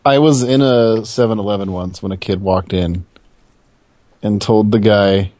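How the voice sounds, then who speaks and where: A man's voice: on the low side, normal speed, mellow, no echo. A man co-hosting a podcast, telling anecdotes in casual banter and swearing for laughs. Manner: tells anecdotes, swears for comic effect. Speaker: podcast co-host.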